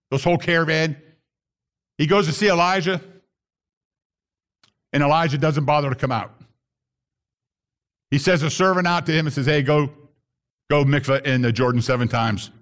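A man preaching a sermon to a congregation, emphatic, with bursts that rise sharply in pitch. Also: moderate pace, long pauses, fairly bright tone. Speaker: pastor.

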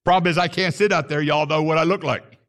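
A man's voice: on the high side, fairly even intonation, fast talker, a bit bright. A man preaching a sermon to his congregation, reading scripture and acting out the grumbling voices. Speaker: pastor.

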